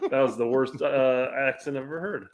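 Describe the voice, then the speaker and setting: A man's voice: mid-range voice, moderate pace. A man hosting a casual soccer podcast, easygoing and laughing often, with lots of fillers. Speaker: podcast host.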